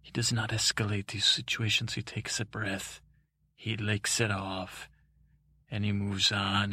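A man's voice: on the low side, flat delivery, unhurried, sharp tone, no echo, studio quality. A man improvising a bedtime story as podcast host, meandering with asides and self-corrections.

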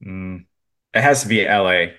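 A man's voice: deep voice, moderate pace, pushed and bright. A man co-hosting a podcast in casual comedic banter, laid-back, setting up bits and laughing often. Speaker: podcast co-host.

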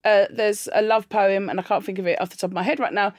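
A woman's voice: mid-range voice, steady tone, fast, no echo. A chatty English woman in casual podcast talk, laughing easily as she explains things. Her voice sits in a middle register. The studio sound is dry and close. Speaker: guest co-host.

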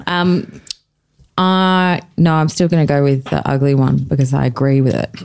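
A woman guest on a comedy game show podcast, playful and laughing often with quick asides. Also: sits low, little pitch movement, vocal fry, darkish tone, clear, resonant tone. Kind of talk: casual comedy podcast banter.

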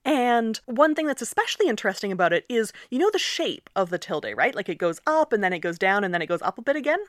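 A woman's voice: mid-range voice, fast talker, no echo. Young woman linguist explaining, dry close sound. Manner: animated, explanatory, laughs often. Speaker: linguist and author, interview guest. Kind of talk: conversational interview.

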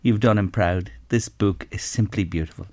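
An Irish man hosts a radio show, gushing with praise in an effusive, eager way. His voice sits fairly low and comes across dry and close to the mic. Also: normal speed, darkish tone, no room sound. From Ireland. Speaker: radio host. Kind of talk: radio interview chat.

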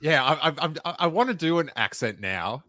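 Jokey man with a bright voice. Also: on the high side, sing-song, moderate pace, no echo. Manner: jokey, interrupting, bursts into silly voices. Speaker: podcast co-host. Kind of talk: casual chat.

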